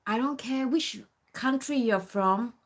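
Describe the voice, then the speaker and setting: A woman's voice: on the high side, takes it slowly. A woman in her fifties from Singapore, casually telling a story with many "you know" fillers. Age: 50s. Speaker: vlogger.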